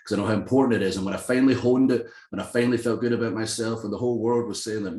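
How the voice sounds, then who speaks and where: A Scottish man with a very low voice chats as an interview guest in a room with noticeable echo. He tells stories in a lively, self-deprecating way and laughs often. His accent is softened but still plainly Scottish. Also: quick pace, hardly any pauses. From Scotland. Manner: animated, self-deprecating storyteller who laughs often and acts out quoted voices. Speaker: guest, professional wrestler. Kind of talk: casual interview chat.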